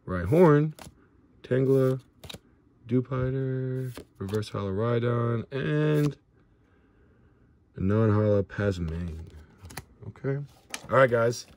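There's slight background noise as a young man with a medium-pitched voice opens card packs for his channel, listing cards casually and fumbling some names. Excitable, he whoops and shouts at the big pulls.

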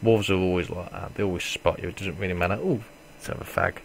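A man's voice: deep voice, steady tone, quick pace, creaky, slight background noise. A man giving casual let's play commentary, swearing and joking at himself as he plays. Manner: swearing, self-mocking, reacts loudly then mutters. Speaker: gamer.

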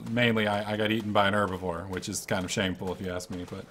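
A man giving casual commentary over his own gameplay, excitable and swearing freely. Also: fairly low pitch, fast, slight background noise. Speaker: let's-play gamer.

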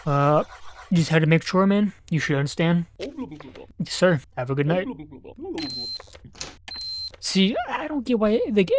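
A man's voice: high voice, lively intonation, measured pace, pauses often, a little hiss or hum. A young man giving casual gameplay commentary, joking and talking back to on-screen characters while muttering notes and numbers to himself. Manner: reads numbers and notes aloud under his breath. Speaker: gaming YouTuber.

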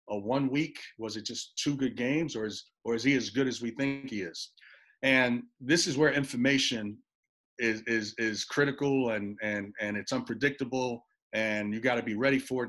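A middle-aged man, a college basketball assistant coach, telling a recruiting story with animated back-and-forth, often repeating words as he goes. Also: medium pitch. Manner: animated storyteller, repeats words, acts out both sides of phone calls.

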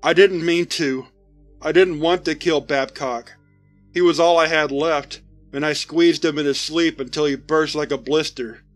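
A man reading the part of a starving, apologetic monster-man soldier, speaking slowly and softly in a begging tone. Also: fairly high pitch, fairly even intonation, soft background music, natural voice. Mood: pleading. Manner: slow, soft, begging.

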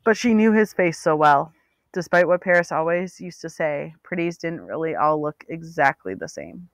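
A woman narrating an audiobook with steady, expressive storytelling. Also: low-pitched, normal speed, no echo. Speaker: audiobook reader.

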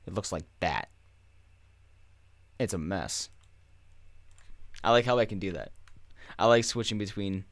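A man's voice: low voice, no room sound. A young man chatting casually while playing a game, rambling and swearing as he rants. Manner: profane, ranting, rambling. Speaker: gaming streamer. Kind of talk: casual gameplay commentary.

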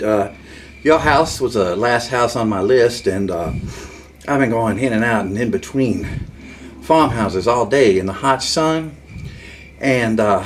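A man's voice: fairly low pitch, a little hiss or hum. A man in a comic sketch, talking hesitantly with many stammers and fillers, then turning brash. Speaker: comedy video maker. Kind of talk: comic sketch with prank call.

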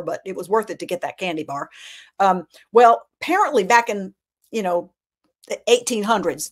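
A middle-aged woman from Alabama, telling family stories as a guest in a casual chat, animated, with lots of restarts. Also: lowish voice.

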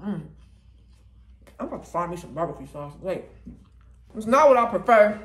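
A woman's voice: lowish voice, animated, normal speed. A young woman vlogger chatting casually through a mukbang food review. She talks between bites and hums while she tastes. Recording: roomy echo.

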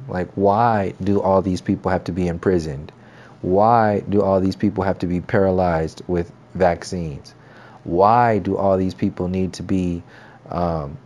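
Low, mellow-voiced man rambling. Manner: rambling, profane, many restarts and fillers. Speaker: channel host. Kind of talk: casual monologue commentary.

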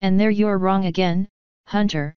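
A woman's voice: mid-range voice, fairly even intonation, moderate pace, clean tone, no echo, muffled recording, lightly acted. A woman voicing a tough female griffon mercenary who talks in a blunt, offhand way, in a storybook reading. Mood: cocky.

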